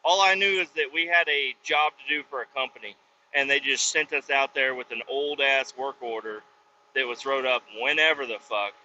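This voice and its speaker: Man, casual truck-cab storytelling, swears a lot, very bright tone, lo-fi sound with faint hiss. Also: mid-range voice, normal speed. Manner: profane, animated, acts out voices in quotes. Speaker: truck driver telling a work story. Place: inside a pickup truck with windows down.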